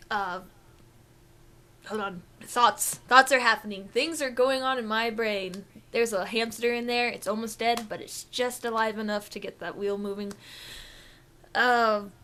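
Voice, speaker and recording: A woman's voice: fairly high pitch, fairly even intonation, unhurried, long pauses, bright, forceful tone, a little hiss or hum. A young woman co-hosting a gaming podcast, rambling and joking in a goofy, self-mocking way. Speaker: podcast co-host. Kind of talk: casual chat.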